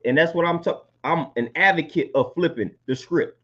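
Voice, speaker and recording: A man's voice: on the high side, normal speed, fairly bright tone. A man, hosting a live stream and delivering an impassioned monologue, repeating phrases for emphasis. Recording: dull lo-fi stream audio.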